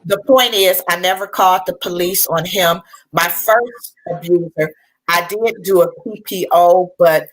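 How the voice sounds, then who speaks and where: A middle-aged woman on a panel shares a personal story in an earnest, conversational way, with restarts and colloquial speech. Her voice is fairly low, and the recording quality is poor.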